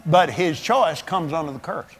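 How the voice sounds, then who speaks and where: A man's voice: fairly high pitch, expressive, moderate pace. A man in his seventies preaching a folksy sermon, telling stories with a chuckle and plain colloquial talk. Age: 70s. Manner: storytelling, chuckling, drawling colloquial speech.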